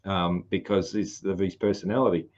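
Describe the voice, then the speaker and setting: A man's voice: deep voice, level tone, normal speed, darkish tone, dull audio. A man with a broad rural Australian accent hosting a casual podcast chat, rambling with lots of fillers and restarts. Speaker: podcast host.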